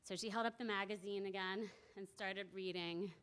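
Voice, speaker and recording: A woman's voice: medium pitch, steady tone, normal speed, clear, resonant tone. A young woman telling a personal story to a live audience at a community event, now and then laughing and acting out voices. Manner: warm, laughing, acts out voices in quotes.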